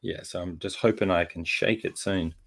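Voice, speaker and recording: A man's voice: low-pitched, steady tone, moderate pace, creaky, fairly bright tone. A man hosting a casual chat while posing a figure, talking in a rambling way with many fillers and restarts, and getting over a chest infection. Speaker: host.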